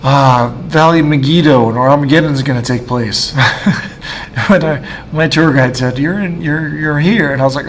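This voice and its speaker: A man in his thirties giving a personal faith testimony, halting and emotional, with many restarts. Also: on the high side, slight background noise. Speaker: guest speaker.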